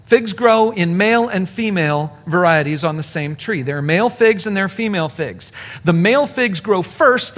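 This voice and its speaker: Animated higher-voiced man preaching. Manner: conversational, explaining with rhetorical asides. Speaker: pastor. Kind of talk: sermon.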